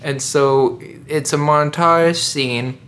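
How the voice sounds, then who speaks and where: A man's voice: on the high side, takes it slowly, a little hiss or hum. Man recapping a movie, rambling. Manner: rambling, animated storytelling with laughs. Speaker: podcast co-host. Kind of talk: casual comedic chat recapping a movie.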